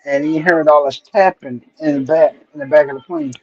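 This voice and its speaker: A middle-aged man with a slightly raised voice tells stories at a loose, wandering pace, often tossing in "right?" to keep listeners along. His stream audio sounds dull and lo-fi, with the top end muffled. The delivery is a relaxed, nostalgic chat. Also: a little high, a little fast, husky. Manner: rambling retelling, frequent "right?" and "you know" check-ins. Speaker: stream host. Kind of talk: casual nostalgic storytelling. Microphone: streaming mic.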